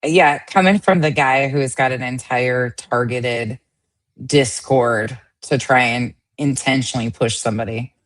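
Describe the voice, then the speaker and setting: Very low-voiced, blunt woman co-host. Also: measured pace, no room sound. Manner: blunt, dismissive, emphatic. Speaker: podcast co-host. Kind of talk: casual commentary.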